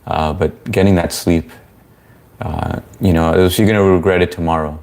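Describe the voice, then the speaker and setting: A man's voice: low-pitched, fairly even intonation, normal speed, gravelly, a little mellow. A young man hosting a casual live-stream Q&A, chatting loosely and reading viewer comments aloud. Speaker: livestream host answering chat.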